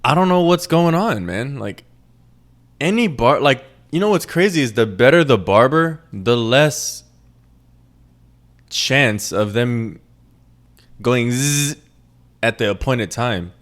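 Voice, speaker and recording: A man's voice: mid-range voice, animated, slow, pauses often. A young man from a Puerto Rican family raised in New York, ranting in a rambling, profane, joking way as a podcast host. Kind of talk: casual monologue.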